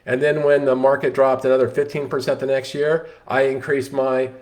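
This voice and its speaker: A man tells a story in a casual, animated way. He restarts lines often and leans on "you know". His voice sits at an ordinary middle pitch. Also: moderate pace. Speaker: host.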